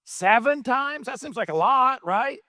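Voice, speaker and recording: A man's voice: extremely high pitch, expressive, measured pace, pushed and bright, no room sound, studio quality, pitched above the performer's own voice, full character voice. A man voicing the apostle Peter as a hesitant man bargaining over how often to forgive. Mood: doubtful. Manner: bargaining, unsure tone.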